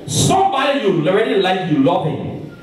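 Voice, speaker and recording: A man preaching a storytelling sermon, animated and calling out to his congregation from the pulpit. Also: high-pitched, moderate pace, crowd noise. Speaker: pastor. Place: large church hall. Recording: echoey hall, mic far off.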